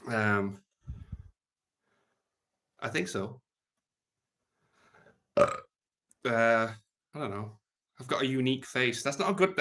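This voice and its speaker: Crude rambling British man, bright voice. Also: mid-range voice. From Britain. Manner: rambling, crude and joking, trailing off into mumbles. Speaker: livestream host reading chat. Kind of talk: casual unscripted livestream chat.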